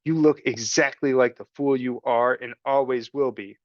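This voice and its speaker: A man reading a storybook and voicing a cruel, scheming male rat villain, cold and slow. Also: mid-range voice, steady tone, no room sound, lo-fi sound, lightly acted. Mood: sneering. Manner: cold, sneering, slow and deliberate.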